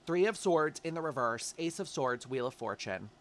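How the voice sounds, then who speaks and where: A man's voice: a little high, lively intonation, moderate pace, fairly bright tone, slight background noise. Chatty encouraging man reading tarot. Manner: chatty, encouraging, calls listener babe. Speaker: tarot reader.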